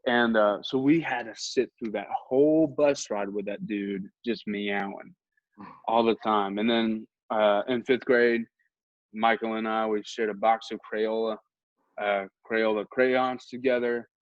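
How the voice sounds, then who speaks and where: A man's voice: on the low side, fairly even intonation, a little slow, dry recording. A young man who hosts a podcast, casually telling a rambling, humorous anecdote at his own expense. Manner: rambling, humorous and self-mocking. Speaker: podcast host. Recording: dull lo-fi recording.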